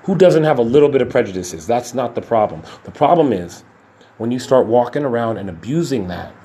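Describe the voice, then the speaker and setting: A man's voice: mid-range voice, animated, mellow. Impassioned man ranting on his podcast. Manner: impassioned, emphatic rant with profanity; shifts between slow deliberate stresses and rapid bursts. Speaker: podcast host. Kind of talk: solo podcast monologue.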